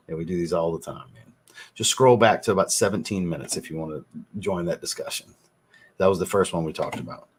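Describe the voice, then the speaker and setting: A man hosting a casual fragrance livestream, thinking out loud and answering viewers' chat messages as he goes. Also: low voice, breathy edge.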